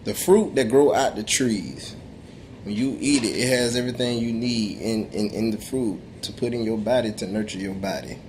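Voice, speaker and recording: There's slight background noise as a young vlogger with a fairly low, darkish voice speaks at a moderate pace. His to-camera talk on faith and perseverance is preachy and emphatic, full of street slang, testifying, and frequent restarts.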